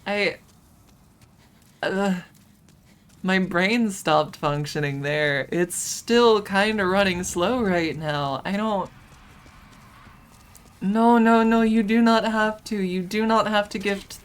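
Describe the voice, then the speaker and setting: A woman streaming a game, chatting casually on her microphone, halting and flustered, restarting often and laughing through it, emotionally overwhelmed. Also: mid-range voice, clean tone. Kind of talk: casual live-stream chat.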